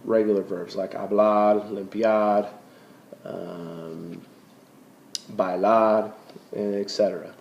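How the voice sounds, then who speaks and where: A man teaching a recorded lesson, slowly and carefully sounding out each word. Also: lowish voice, a little mellow. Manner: slow, careful pronunciation of Spanish words. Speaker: Spanish teacher. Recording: roomy, dull lo-fi recording.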